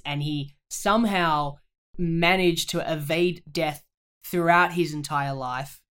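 A man, co-hosting a casual film review podcast, talking in an animated, emphatic way. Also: on the high side. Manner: animated, emphatic, swears in mock outrage. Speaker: podcast co-host.

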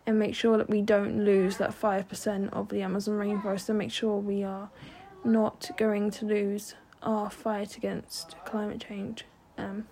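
Young woman doing a solo podcast, slow and kinda flat, earnest, lots of ums. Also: medium pitch. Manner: earnest, many ums and restarts. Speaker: podcast host.

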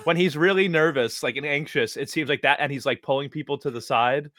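A man co-hosting a podcast in relaxed casual chat, speaking loosely with lots of fillers. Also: fairly high pitch, brisk. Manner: relaxed, full of "like" and "you know" fillers. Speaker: podcast co-host.

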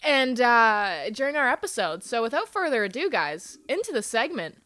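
A woman co-hosts a casual podcast with a bright voice that swings up and down a lot. She teases her co-host and swears without a second thought. Her pitch sits a little higher than most women's. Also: sing-song, moderate pace. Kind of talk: casual chat.

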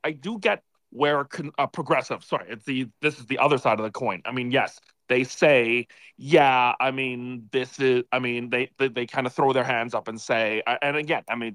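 A man's voice: mid-range voice, a bit bright, dry recording. A man calling into a live audio chat from a bar, a bit tipsy from beer, rambling and exasperated with lots of filler words. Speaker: caller.

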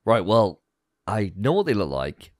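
A man with a fairly low voice that rises and falls a lot as he chats on a gaming podcast. His talk is easygoing and chatty, and the sound is dry and close. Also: sing-song, measured pace, no room sound. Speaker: podcast co-host. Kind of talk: casual gaming podcast chat.

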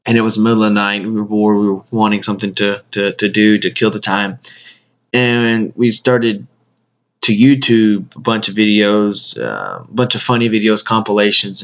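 A man hosting a podcast, speaking a casual tribute monologue in a halting way, often repeating his words. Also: lowish voice. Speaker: podcast host. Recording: dull lo-fi sound.

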